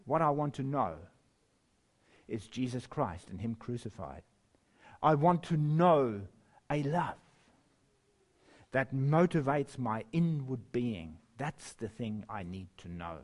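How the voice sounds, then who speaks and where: A man preaching a sermon and reading scripture, slow and emphatic, with wide swings in pitch and loudness and the odd chuckle. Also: expressive. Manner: chuckles now and then.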